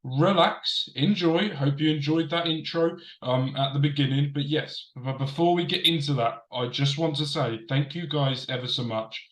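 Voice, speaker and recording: A man's voice: on the high side, moderate pace, few pauses, a bit bright, echoey room, poor audio. A man hosting a casual wrestling review show, chatting straight to camera from a desk and repeating himself for emphasis. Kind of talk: casual commentary. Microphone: desk camera setup.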